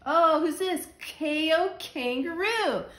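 A woman teaching a phonics lesson to young children, slow and patient, repeating the letter sounds. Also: extremely high pitch, a bit bright, roomy sound.

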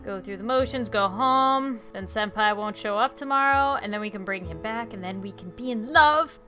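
A woman hosting a let's play, commenting in an excitable, exclamatory way and playfully threatening the game character. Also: mid-range voice, normal speed, faint music behind. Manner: excitable and exclamatory, openly frustrated. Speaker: gaming video host.

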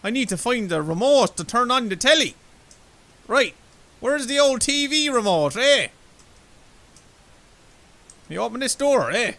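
A young Irish man playing a horror game, talking loudly and excitedly, swearing and yelping when startled. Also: very high voice, unhurried, long pauses, rough recording. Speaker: gaming YouTuber.

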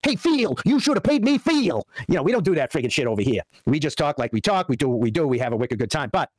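A man's voice: a little high, sing-song, quick pace, no echo. A man playing a brash, crude podcaster character in a put-on Southern accent, rambling and boisterous. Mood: ranting. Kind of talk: ranting podcast monologue.

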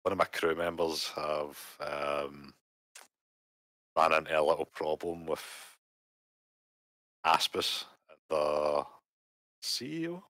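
Very deep-voiced man, hesitant. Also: animated, pushed and bright, no echo. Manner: hesitant, halting, with many "uh"s and restarts. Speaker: player. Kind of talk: casual in-character roleplay over a call.

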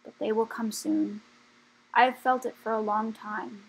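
A solemn old dragon elder, as a woman reads him, grave and unhurried, with a gravelly, husky edge to a fairly high voice. He speaks like a tired leader who has seen too much. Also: level tone, full character voice, rough recording.

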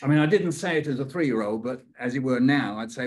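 Older British man, husky, runs a poetry lesson with playful, rhythmic repetition. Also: medium pitch, brisk. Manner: playful, repeats phrases rhythmically, acts out quoted voices. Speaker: poet leading a writing workshop.

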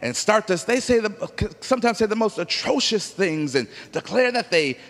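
A man preaching a sermon as pastor, animated, moving from quiet storytelling to shouting. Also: high voice, normal speed, long reverb tail. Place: church sanctuary.

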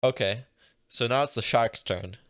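A man's voice: mid-range voice, normal speed, dry recording. A man playing a tabletop game, speaking casually in short turns. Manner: casual, brief. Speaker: player.

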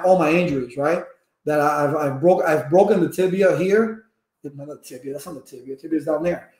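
A man talking casually to viewers as a networking instructor, a lively storyteller full of personal anecdotes. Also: sits high. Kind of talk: casual rambling talk to viewers. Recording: echoey room.

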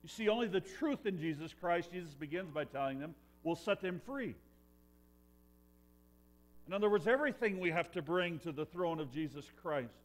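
A man preaching a sermon in a church, earnest, swinging between loud emphasis and hushed lines. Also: fairly high pitch, expressive, normal speed. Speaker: pastor.

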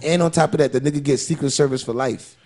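A man's voice: mid-range voice, quick pace, noisy background. A man co-hosting a podcast in casual, heated chat, swearing freely and arguing with energy. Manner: animated, swearing, acts out quoted voices. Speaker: podcast co-host.

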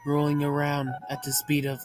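A man giving profane, deadpan muttered commentary while playing a video game, framed as a mock ASMR video. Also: fairly high pitch, normal speed, music in the background. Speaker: gaming channel host.

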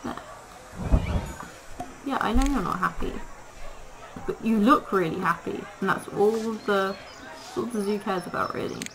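A woman's voice: mid-range voice, a little slow, pauses often. A woman casually commenting on her gameplay, chatting to the animals in the game and laughing often. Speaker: gaming video creator. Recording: noisy home recording.

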